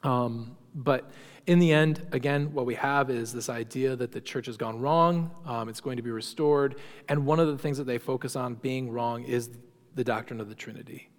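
A man's voice: mid-range voice, normal speed. Man teaching a church class, hall reverb. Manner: conversational, frequent fillers and restarts. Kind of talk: informal lecture to a class.

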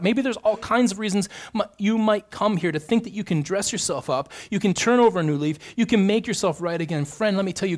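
A man with a fairly high voice delivers a sermon with earnest conviction. He presses each point by repeating phrases, rising in emphasis as he builds. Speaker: pastor.

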